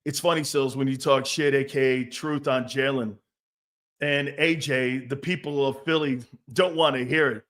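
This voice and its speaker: A man's voice: mid-range voice, steady tone, moderate pace, a bit bright. A middle-aged man hosting an opinionated sports talk show, blunt and profane, now and then mocking others in put-on voices.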